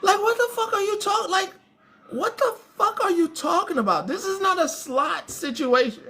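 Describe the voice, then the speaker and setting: Hosting a livestream, a woman rants at her chat and trolls in a casual, profane way, answering trolls directly and laughing a lot. Her voice is very high-pitched, animated and sharp, at a normal speed.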